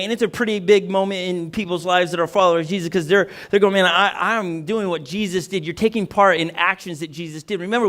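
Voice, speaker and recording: A male pastor preaching a conversational, energetic sermon, often restarting his sentences. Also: sits high.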